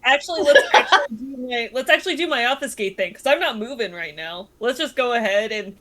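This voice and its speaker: A woman's voice: a little high, expressive, brisk, a bit bright. A woman playing a tabletop game, chatting casually in a blunt, self-mocking way and swearing freely. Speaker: player.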